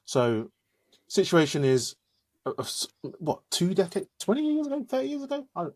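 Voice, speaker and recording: A man's voice: high-pitched, huge pitch swings, normal speed, darkish tone. A man co-hosting a podcast in casual chat, explaining things in a storytelling way. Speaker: podcast co-host.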